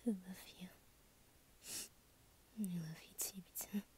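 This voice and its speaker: A woman voicing an anxious, tender young woman who softly reassures her partner, in a whispered role-play. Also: lowish voice, steady tone, takes it slowly, a little hiss or hum. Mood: tender, worried. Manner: soft, reassuring, worried. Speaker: ASMR role-play creator.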